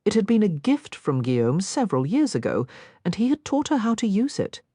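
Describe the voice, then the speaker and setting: A woman narrating an audiobook in a scripted, expressive reading on a close mic. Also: mid-range voice, fairly quick, slightly rough, dry recording.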